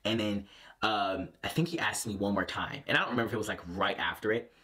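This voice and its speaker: Young man, casual vlogger, lively storyteller, bright forward voice, lowish pitch. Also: fast talker. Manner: animated, lots of fillers and restarts.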